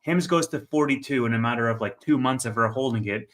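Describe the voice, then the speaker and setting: A young man co-hosting a casual market livestream, his voice bright and forward. He tells stories with animated energy, jumping into quoted dialogue and quick asides. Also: mid-range voice. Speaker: co-host of a stock market stream.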